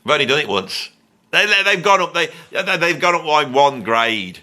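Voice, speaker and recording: A middle-aged British man with a British English accent gives a rambling, self-mocking outro to his music YouTube channel, joking and cheekily pleading with viewers. His fairly high voice is very animated, pushed and bright, at a moderate pace.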